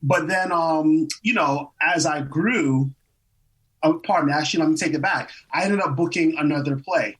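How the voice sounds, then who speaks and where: A man in his twenties, an actor guest, telling stories in a casual interview, animated, laughing often and acting out quotes. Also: fairly high pitch, moderate pace, distant mic, rough recording. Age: 20s.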